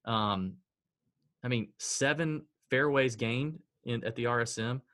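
A man's voice: mid-range voice, slow, a bit bright. A man co-hosting a casual podcast, reeling off stats with sighs and dry self-mockery. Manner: stat-heavy, sighing, self-deprecating. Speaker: podcast co-host. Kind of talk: casual sports betting chat.

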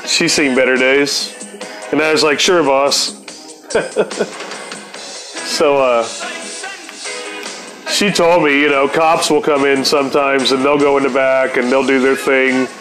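A man's voice: medium pitch, fairly even intonation, slow pace, long pauses, a bit bright, faint music behind, poor audio. A man telling casual stories as a podcast host, in a profane, slangy, rambling way full of "dude" and "man". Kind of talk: casual storytelling.

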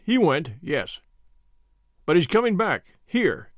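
A man's voice: high-pitched, sing-song, takes it slowly, no echo, studio quality, full character voice. A man voicing a surly, rude French innkeeper who answers in sullen mutters.

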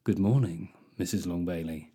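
A man voicing a smarmy male flirt in a slow, low, suggestive tone. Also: monotone, warm tone, natural voice.

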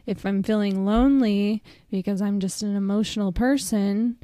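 A woman's voice: mid-range voice, steady tone, normal speed, warm tone, dry recording. A young woman co-hosting a podcast in candid, casual chat, swearing freely and laughing often. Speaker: podcast co-host.

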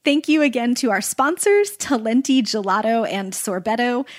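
A woman's voice: fairly high pitch, animated, normal speed, dry recording, studio quality. A woman co-hosting a casual book podcast, talking earnestly and a little nervously about books that move her. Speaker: podcast co-host.

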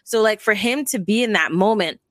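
A woman leading a relaxed group discussion on a video call. She talks in a loose, meandering way full of likes and you-knows. Her voice sits in a middle pitch and sounds dry and close. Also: a little fast, no echo. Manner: chatty, lots of fillers. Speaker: podcast host.

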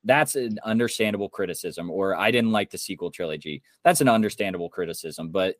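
A man's voice: low voice, a little fast, dry recording, clean studio sound. A young man from Indiana co-hosting a podcast, ranting angrily and swearing. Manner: heated, swearing rant. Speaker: podcast co-host. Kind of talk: casual podcast chat.

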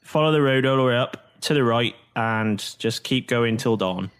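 A gruff seaside trader brushes off questions with a shrug, evasive and dismissive, as a man puts him on. His voice sits at an ordinary middle pitch, and he sounds like a tabletop game figure. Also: normal speed, fairly bright tone, lightly acted.

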